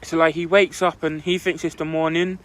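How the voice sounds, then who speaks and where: A man's voice: on the high side, little pitch movement, a little fast, fairly bright tone. A young man telling a story on a casual podcast, rambling and full of "like" fillers.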